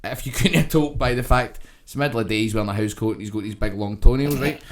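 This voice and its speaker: A man's voice: on the low side, fast talker. A man with a Glaswegian accent, a podcast co-host telling a rambling, sweary comic story and checking in with "right?".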